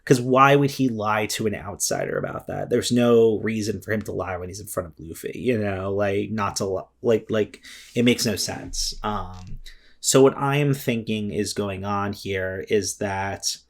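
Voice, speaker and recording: A man with a fairly low voice talks through his thoughts in a loose, unscripted vlog. He rambles, restarts his sentences and fills gaps with ums. He swears now and then and sounds openly moved. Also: unhurried, gravelly. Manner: rambling and emotional, many fillers and restarts, swears. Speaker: vlogger reviewing a comic chapter. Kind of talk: casual spoken commentary.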